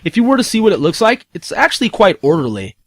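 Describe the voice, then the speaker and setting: A man with a high-pitched voice rants casually and profanely, peppering his talk with rhetorical questions. The sound is dry and close, with no room echo. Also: sing-song, quick pace. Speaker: commentator. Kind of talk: casual ranting commentary.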